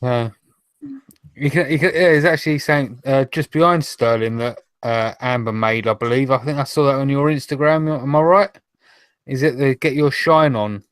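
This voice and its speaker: A man hosting a podcast, asking questions slowly and hesitantly. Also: medium pitch, fairly bright tone, no echo. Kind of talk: casual chat.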